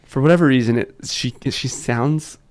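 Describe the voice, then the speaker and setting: A man's voice: medium pitch, moderate pace, darkish tone. A man in his thirties, a father, chatting casually on a podcast and acting out quotes as he tells family stories. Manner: chatty storyteller, laughs often, acts out quotes. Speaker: podcast co-host or guest, father. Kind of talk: casual chat.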